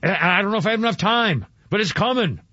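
An older man hosting talk radio, rambling in a halting way with many fillers and restarts. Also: high voice, expressive, pushed and bright, husky, dry recording. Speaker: radio talk show host. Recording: dry, slightly dull radio studio sound.

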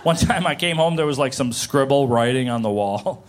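A man doing a stand-up comedy set about his family, animated and acting out shouts and whispers. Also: medium pitch, moderate pace.

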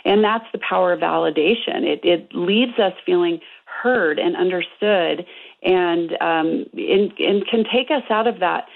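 Middle-aged therapist lady calling in, low gravelly voice, tinny phone sound. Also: a little slow. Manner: earnest, explanatory, many fillers. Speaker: couples therapist, guest. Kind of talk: radio interview by phone.

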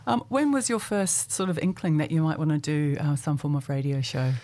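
A woman hosting a community radio interview in a studio, chatty and quick to laugh. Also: deep voice, warm tone, no echo. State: slightly out of breath. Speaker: radio host.

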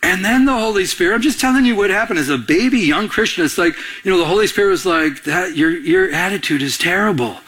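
A male preacher telling a story in a sermon, acting out both sides of the dialogue in an animated way. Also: high voice, fast, few pauses.

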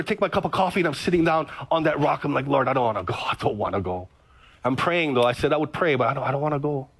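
Male pastor, high-pitched, lively storytelling sermon. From Hawaii. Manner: energetic, storytelling with dramatic pauses.

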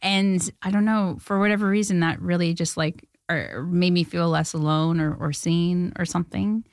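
A woman's voice: fairly low pitch, steady tone, normal speed, dry recording, clean studio sound. A Canadian woman in her thirties, a filmmaker talking in a casual interview, chatty and self-deprecating, with lots of fillers and little laughs. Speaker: filmmaker guest.

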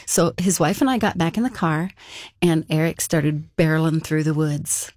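A woman guest telling a personal story in a halting way, with frequent restarts. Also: deep voice, darkish tone, no room sound, clean studio sound. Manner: halting, with many restarts and "kind of". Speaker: interview guest.

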